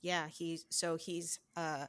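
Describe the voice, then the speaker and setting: A woman acting as game master, calmly asking a player relaxed questions about her character. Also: low voice, takes it slowly. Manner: relaxed, asks gentle questions. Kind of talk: easygoing game-master prep talk.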